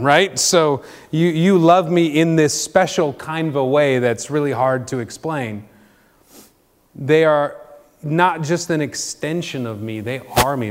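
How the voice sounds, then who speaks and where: Middle-aged preacher guy, jokey and chatty, gets loud then goes quiet, big church reverb. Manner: conversational and joking, swings between loud emphatic bursts and quiet low asides. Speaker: pastor. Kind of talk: sermon. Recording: long reverb of a large hall.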